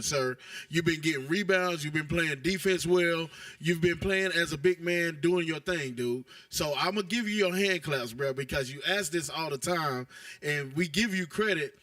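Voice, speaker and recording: A man's voice: on the high side, normal speed, fairly bright tone, dry recording, distant mic. Exasperated man in casual basketball chat. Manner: exasperated, rambling with slang. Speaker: podcast co-host.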